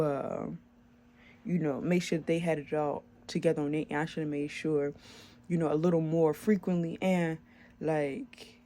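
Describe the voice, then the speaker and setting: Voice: medium pitch, warm tone. A young adult small business owner telling a long story in a casual vlog, chatty and slangy, with filler words and swearing.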